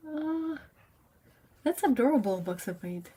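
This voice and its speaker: A woman hosting a painting livestream, chatting casually with viewers, answering comments, laughing often and slipping into soft half-whispered asides. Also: medium pitch, breathy edge. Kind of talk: casual chat while painting.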